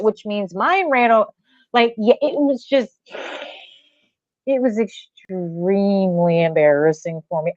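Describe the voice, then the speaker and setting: A woman on a podcast, casually telling a story in an animated way and acting out the voices of the people she quotes. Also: medium pitch, no echo, muffled recording.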